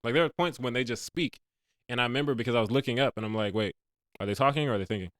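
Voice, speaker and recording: A man's voice: mid-range voice, racing, fairly bright tone, no room sound, clean studio sound. A man co-hosting a casual movie review podcast, joking and acting out movie lines. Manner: jokey, acts out movie lines with laughs. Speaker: podcast co-host.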